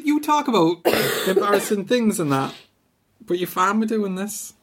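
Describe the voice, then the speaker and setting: A woman's voice: mid-range voice, lively intonation, moderate pace. A young woman from Middlesbrough with a Teesside accent, chatting on a podcast microphone, self-deprecating, laughing often and swearing. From Middlesbrough, England. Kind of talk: casual chat.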